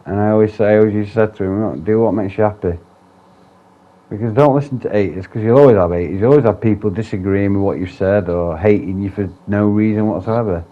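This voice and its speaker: A man's voice: lowish voice, fast. A man talking candidly in a personal vlog, rambling, swearing often and restarting his sentences. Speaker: vlogger. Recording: dull lo-fi sound.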